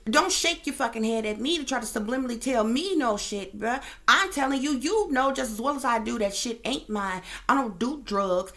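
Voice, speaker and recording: A woman's voice: a little high, animated, moderate pace, hardly any pauses, a bit bright. A woman host telling a story to her viewers in a casual, heated rant, profane and emphatic. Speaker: psychic reader and channel host.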